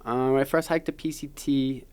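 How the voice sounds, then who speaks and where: A relaxed man with a broad Boston accent, chatting as an interview guest. He rambles through his stories in a loose, easygoing way with plenty of fillers. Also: medium pitch, a little fast, smooth. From Lynn, Massachusetts, north of Boston. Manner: laid-back, rambling storyteller with many "like" fillers. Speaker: guest, thru-hiker. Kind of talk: casual interview chat.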